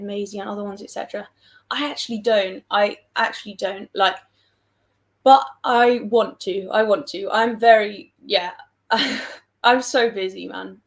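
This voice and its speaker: A young woman from England with a southern English accent, rambling casually on a livestream, joking at her own expense and reading out comments from viewers. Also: mid-range voice. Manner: chatty, rambling, self-deprecating, reads out viewer comments. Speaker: livestream host.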